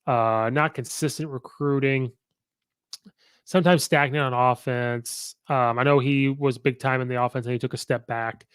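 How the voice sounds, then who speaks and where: A man hosts a podcast with casual, opinionated sports commentary, rattling off records and using many fillers. His medium-pitched voice has fairly even intonation, a moderate pace and a fairly bright, clean tone, recorded in a clean studio with no room sound.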